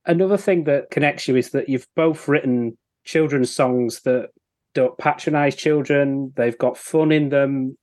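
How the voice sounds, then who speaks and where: A man hosting an interview who asks questions in an easygoing, slightly halting way. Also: mid-range voice, a little mellow, no room sound. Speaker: interview host.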